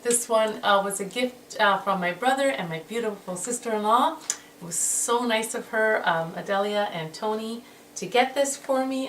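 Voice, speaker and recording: Woman vlogger showing off makeup, gushing and breathless with excitement; mid pitch, distant echoey room recording with background noise. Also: moderate pace. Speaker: beauty vlogger. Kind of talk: casual haul video. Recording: roomy echo, distant mic, noisy background.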